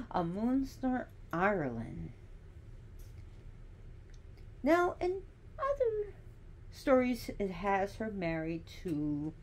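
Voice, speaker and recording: A woman's voice: mid-range voice, slight background noise. A woman giving a casual teaching monologue, chatty and digressive, with sassy asides.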